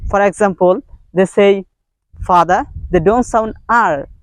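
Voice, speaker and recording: A man's voice: high voice, a little slow, no room sound. A man from Bangladesh, giving an informal video lesson on English as a teacher, earnest and repetitive in simple phrasing. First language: Bengali.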